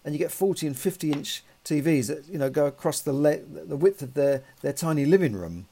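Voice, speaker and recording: A man's voice: a little high, lively intonation, a little fast, creaky, mellow, husky. A man, talking in a rambling, conversational monologue full of "you know" and restarts. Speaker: podcast host. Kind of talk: casual monologue.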